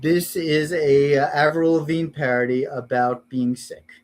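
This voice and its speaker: A man casually introducing his own song parodies, halting and correcting himself as he talks. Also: fairly high pitch, fairly even intonation. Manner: halting, self-correcting, unpolished. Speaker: amateur parody songwriter. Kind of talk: casual spoken intros between sung parodies.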